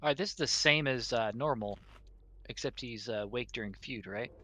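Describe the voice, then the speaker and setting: A man's voice: medium pitch, fairly quick, sharp tone. A man chatting and joking over voice chat during a game raid. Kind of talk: casual voice chat while gaming.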